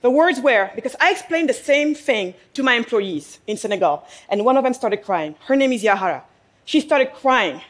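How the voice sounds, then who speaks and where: Speaking to a live audience in a room, a high-voiced businesswoman gives a passionate, expressive speech. She throws out rhetorical questions and leans on emphatic pauses to let her points land.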